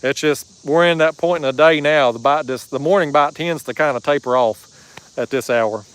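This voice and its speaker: A man's voice: a little high, normal speed, a bit bright, smooth, rough recording. A man hosting a fishing livestream from a kayak, chatting casually and reading out viewer comments in a folksy drawl. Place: kayak on a river outdoors.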